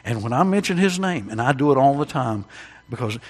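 A man, preaching a sermon to a congregation as pastor, swinging between loud emphatic peaks and hushed quiet drops. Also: mid-range voice, lively intonation, fairly quick, long reverb tail. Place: church during an evening service.

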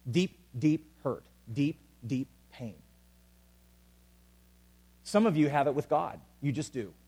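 A man preaching a sermon as pastor to a congregation, swinging between loud urgent calls and quiet, intimate asides. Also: a little high, animated, slow pace, breathy edge. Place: church hall with an audience.

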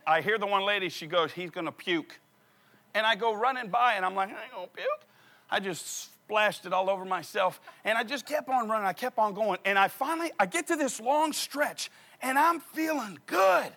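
A man preaching a sermon through an animated, comic personal story. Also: extremely high pitch.

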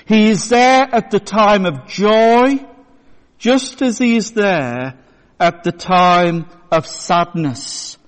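Man preaching, high voice, slow measured storytelling, echoey church. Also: animated. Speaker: pastor. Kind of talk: sermon. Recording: long church reverb.

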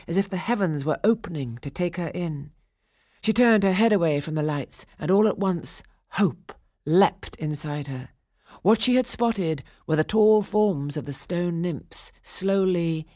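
A woman reads a children's storybook aloud into a studio microphone, slow and expressive. Her voice sits low and unhurried. The sound is close and dry. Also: no echo. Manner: slow, expressive, dramatic reading. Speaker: audiobook narrator. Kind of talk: storybook narration.

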